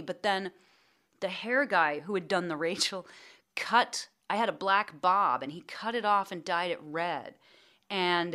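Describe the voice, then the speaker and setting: A middle-aged woman guest in a casual interview. She tells stories in a bright, forceful voice. She brings her quotes to life in an animated way. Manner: animated, acts out quotes in a high excited voice. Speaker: guest actor.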